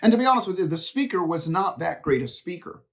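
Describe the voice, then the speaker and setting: A middle-aged man speaks as a motivational speaker, his voice sitting a little above the usual male pitch. He tells personal stories straight to the camera in an animated way. When he quotes others, he plays out their lines. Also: fast. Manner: animated storytelling, acts out quotes. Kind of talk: direct-to-camera motivational talk.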